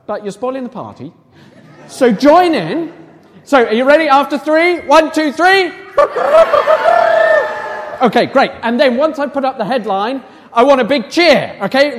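A man leading a family church service, rousing the children to join in with fanfares and cheers. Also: extremely high pitch. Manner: lively, rousing a crowd of children. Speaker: church leader. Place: large hall or church. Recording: echoey hall.

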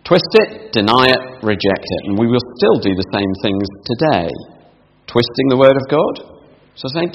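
A man's voice: medium pitch, big pitch swings, normal speed, vocal fry, husky, big-room sound, muffled recording. A man preaching a sermon to a congregation, asking them questions and reading scripture aloud.

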